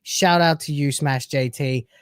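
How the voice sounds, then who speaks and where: A man's voice: a little high, unhurried, noisy background. A man hosting a live stream, chatting casually with brash, sarcastic, crude banter.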